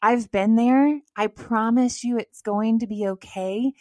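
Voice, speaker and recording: A woman's voice: fairly high pitch, a little slow, darkish tone, no echo. A woman in her thirties co-hosting a podcast, talking to listeners in a casual, encouraging and direct way. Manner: encouraging, direct, addresses listeners as "girl" and "you guys". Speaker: podcast co-host. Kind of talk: casual motivational chat.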